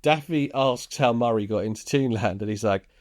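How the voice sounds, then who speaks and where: A man's voice: medium pitch, moderate pace, a little mellow. A man, casually recounting a film's plot scene by scene on a podcast, chuckling as he goes. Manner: laid-back storytelling, chuckles while recounting scenes. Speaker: podcast co-host. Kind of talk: casual film recap.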